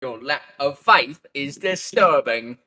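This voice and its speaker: A man's voice: medium pitch, animated, takes it slowly, sharp tone, pitched above the performer's own voice, heavily acted. A man doing a cheesy British Darth Vader. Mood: hammy.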